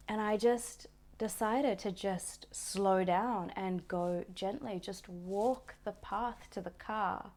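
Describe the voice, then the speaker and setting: A woman vlogger telling a personal story in a gentle, reflective way, often restarting her sentences. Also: mid-range voice, slow. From Australia. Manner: reflective, gentle, with frequent restarts and soft laughs. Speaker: wellness vlogger.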